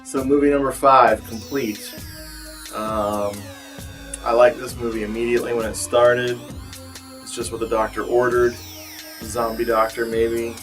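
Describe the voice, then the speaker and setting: A man with a medium-pitched, fairly bright voice rambles through movie reviews in a casual vlog, full of fillers, wry and self-deprecating. He comes across tired and slightly bloated, and his voice is a bit distant from the mic.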